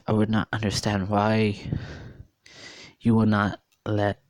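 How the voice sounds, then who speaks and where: A man's voice: on the low side, monotone, slow, a little mellow, dry recording. A man in his thirties giving an earnest, repetitive opinion monologue, often repeating and questioning. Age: 30s. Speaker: vlogger.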